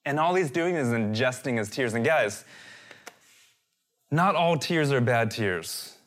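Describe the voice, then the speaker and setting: Guy pastor in his 30s preaching, earnest, repeats himself a lot, mid-pitched voice. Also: a little slow. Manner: earnest, repeats phrases, animated when quoting. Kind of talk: sermon.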